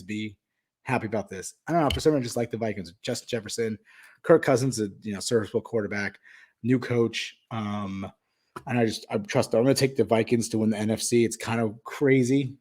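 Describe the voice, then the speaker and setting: A man's voice: lowish voice, darkish tone. A man hosting a podcast, talking casually through his sports betting picks with frequent fillers and restarts. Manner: rambling, hesitant with many fillers. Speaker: podcast host.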